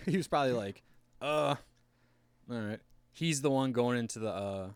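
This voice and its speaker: A man co-hosting a casual podcast, telling stories in a rambling, animated way full of filler words. His voice is smooth and resonant at a middle pitch. The mic is close and the sound is dry. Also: brisk, no room sound. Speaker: podcast co-host. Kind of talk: casual chat.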